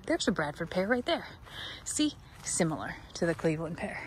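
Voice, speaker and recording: A woman vlogger wanders an outdoor garden center, chatting casually and talking to plants and a dog for a walking vlog. Her pitch is fairly low but swings widely, her pace moderate, and there's a little hiss or hum.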